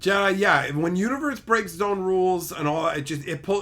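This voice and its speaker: A man's voice: sits high, moderate pace. A man hosting a casual livestream, chatting with viewers and ranting and swearing freely about plot holes in shows. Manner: animated, swears often, mocks logic gaps. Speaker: livestream host reading chat.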